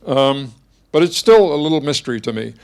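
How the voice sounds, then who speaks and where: Older man musing in halting lecture. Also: a little high, expressive, a little mellow. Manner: thoughtful, halting, many restarts and fillers. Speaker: guest speaker giving a masterclass. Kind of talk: reflective lecture talk. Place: lecture hall before an audience.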